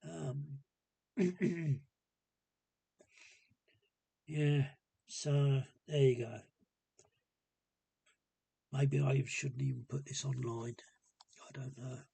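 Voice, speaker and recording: A man talking casually to camera in a hesitant, rambling and subdued way, with a gravelly, husky voice. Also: mid-range voice, steady tone, extremely slow, pauses often, dark tone, dry recording. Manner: hesitant and rambling, many ums. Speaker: vlogger. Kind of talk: casual personal monologue.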